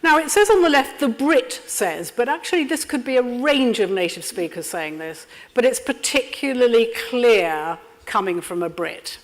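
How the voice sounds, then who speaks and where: A woman leading an interactive training workshop, lively and constantly checking in with her audience. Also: fairly high pitch, normal speed, hardly any pauses. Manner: lively, checks in with frequent "yeah?". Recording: lecture room with long reverb.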